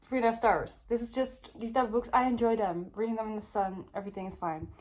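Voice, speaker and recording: A young woman from the Netherlands, chatting casually through a book review with lots of fillers. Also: medium pitch. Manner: chatty, rambling, lots of ums and likes.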